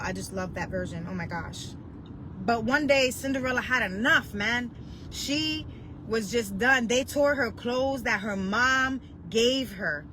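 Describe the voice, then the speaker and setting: Woman preacher, fairly high voice, emotional storytelling delivery, steady noise and passing vehicles behind her. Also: rough recording. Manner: emotional, storytelling, builds to cries. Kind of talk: impassioned devotional preaching.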